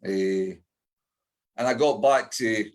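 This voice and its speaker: A man's voice: on the low side, slow. Sweary Edinburgh Scottish man. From Scotland. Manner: blunt and sweary, with frequent fillers. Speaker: interview guest. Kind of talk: candid life-story interview.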